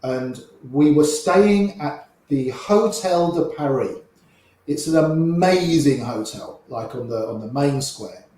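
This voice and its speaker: An older man, a poker player, telling long anecdotes with lively quoted voices. His voice sits a bit high for a man. He sounds boomy and echoey, as if in a big hard room. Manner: animated raconteur, quotes people in quick little voices. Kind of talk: anecdotal storytelling.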